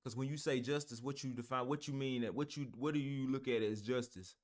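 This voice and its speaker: A man's voice: mid-range voice, fairly even intonation, brisk, a little mellow. A man reacting to a clip, heated and argumentative, talking with heavy profanity. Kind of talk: ranting reaction commentary.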